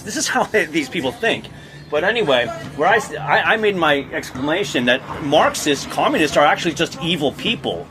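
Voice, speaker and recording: A man's voice: fairly high pitch, big pitch swings, fairly quick, music in the background. Heated stammering man ranting. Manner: heated, repetitive restarts and stammers. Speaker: political commentator. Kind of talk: ranting monologue.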